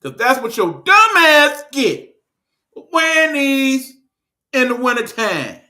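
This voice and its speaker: A Detroit man hosts his own show and rants about people's habits. His voice sits high and sounds very bright and sharp. He talks in an unhurried, blunt, scolding way, swearing and joking as he goes. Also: very animated. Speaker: online show host. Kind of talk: casual ranting monologue.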